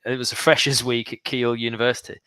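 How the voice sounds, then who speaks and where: Comedian guy telling stories, smooth clean voice, dry close sound, laughs a lot. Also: mid-range voice, level tone, quick pace, bright, forceful tone, no echo. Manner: laughs easily, acts out quoted lines. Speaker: comedian and guest. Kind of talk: casual chat, telling anecdotes.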